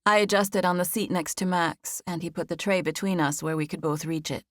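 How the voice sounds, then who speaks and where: A woman narrating a contemporary first-person novel as an audiobook, with a gentle storytelling manner. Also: on the low side, steady tone, brisk, no room sound, clean studio sound.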